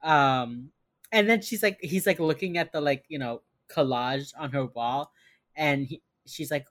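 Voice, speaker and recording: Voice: medium pitch, unhurried, fairly bright tone, no echo. A podcast host walks through an episode's plot scene by scene from notes, in a loose, chatty way full of fillers. The voice sits in a middle range and sounds dry and close. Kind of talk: casual chat.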